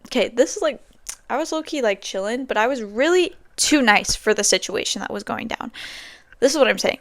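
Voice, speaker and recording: A woman's voice: a little high, fast talker, vocal fry, a bit bright, no echo. A young woman hosting a podcast, telling stories in a rambling, casual way with lots of fillers. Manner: chatty, rambling storytelling with many fillers. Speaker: podcast host. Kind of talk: casual chat.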